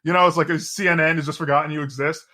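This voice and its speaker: A man's voice: on the high side, steady tone, rapid-fire, sharp tone. A man co-hosting a podcast, chatting casually and sardonically about politics, rambling with frequent restarts. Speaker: podcast co-host.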